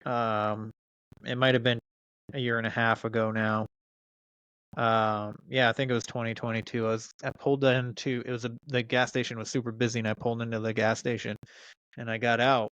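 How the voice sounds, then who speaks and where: A man in his thirties, a podcast guest, tells a story in casual chat, swearing freely and restarting sentences with many fillers. His medium-pitched voice is smooth and fairly bright, his delivery flat and fairly quick, with no room sound.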